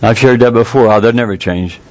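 Earnest folksy man preaching a sermon. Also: dry recording. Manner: folksy, earnest, with quick rises in pitch for emphasis.

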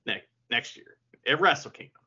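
A man co-hosting a podcast in casual chat, joking and excitable, with frequent profanity. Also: moderate pace. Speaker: podcast co-host. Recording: muffled lo-fi podcast audio.

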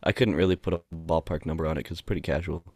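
A man's voice: very deep voice, steady tone, very fast, darkish tone, no room sound, clean studio sound. A man co-hosting a podcast in casual chat, laid-back and joking, often laughing. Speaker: podcast co-host.

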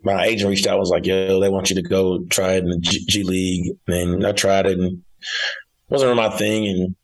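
A man's voice: deep voice, level tone, normal speed, poor audio. A young man from Arkansas, a college basketball coach telling his career story in a casual interview, often repeating and restarting his words. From Arkansas, United States.

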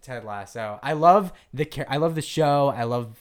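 A man's voice: on the high side, expressive, moderate pace. A young man co-hosting a podcast, chatting in a bubbly, rambling way and laughing often. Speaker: podcast co-host. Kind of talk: casual chat.

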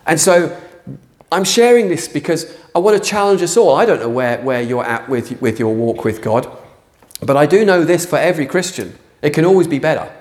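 A man's voice: fairly high pitch, normal speed. Passionate man preaching a sermon. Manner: passionate, rising to near shouting. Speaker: pastor. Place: church hall.

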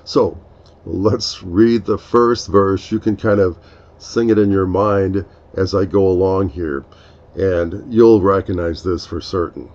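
A podcast host with a lowish, somewhat dark voice gives a reflective devotional talk, speaking very slowly and earnestly in a steady tone and carefully explaining each point. The audio is dull and lo-fi.

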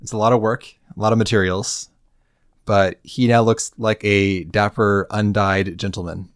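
A man co-hosting a podcast walks through the quest in a dry, understated way. His voice is somewhat low, and it is recorded close and dry. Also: fairly even intonation, moderate pace, no echo. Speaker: podcast co-host. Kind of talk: casual chat recapping a game questline.

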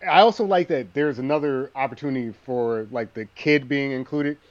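A man's voice: mid-range voice, normal speed. Laid back guy chatting about a movie, laughs here and there, mic sounds a bit dull. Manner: relaxed, laughs while retelling scenes. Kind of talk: casual movie discussion.

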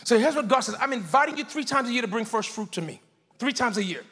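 A man preaching a sermon as pastor, leading his congregation in call-and-response and rising into shouts. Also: extremely high pitch, animated, fast, slightly rough. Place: church sanctuary before a congregation.

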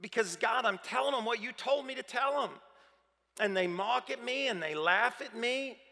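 A man's voice: very high voice, normal speed, vocal fry, pushed and bright, voice pushed up, heavily acted. A man voicing a weary, discouraged male prophet on the verge of quitting, lamenting in a plain conversational way. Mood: despairing. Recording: long reverb of a large hall.

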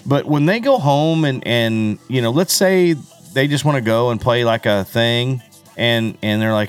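A man's voice: unhurried, clear, resonant tone. A man co-hosting a podcast, chatting casually and rambling about country music. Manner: rambling, animated, drops into low impressions of others. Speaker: podcast co-host.

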